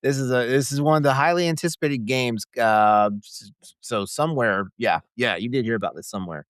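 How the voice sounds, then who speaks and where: A man with a smooth, resonant voice co-hosts a gaming podcast and reads out game blurbs in a relaxed way, stumbling now and then. His voice sits in a middle range and sounds dry and close. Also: mid-range voice, a little fast, dry recording. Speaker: podcast co-host. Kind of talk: casual chat and reading game blurbs.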